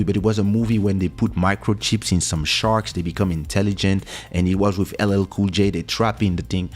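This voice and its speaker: A man, telling a personal story in a casual, animated way and acting out the voices of the people in it. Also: low voice. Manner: animated, acts out quoted voices. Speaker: podcast host telling a story.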